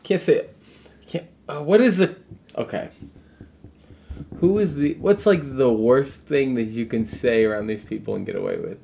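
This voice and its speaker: A man's voice: medium pitch, normal speed, vocal fry, long pauses, mellow, a little hiss or hum. A man co-hosting a casual podcast, reacting with jokes and mock-dramatic disbelief. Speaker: podcast co-host. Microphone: podcast recorder.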